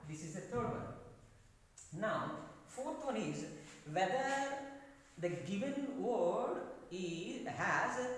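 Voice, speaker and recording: Slow, hesitant teacher in an echoey hall. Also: male voice, high-pitched, expressive, slight background noise. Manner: slow, repeats phrases, many hesitations. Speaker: English teacher. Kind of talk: classroom lecture. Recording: echoey classroom, mic far off.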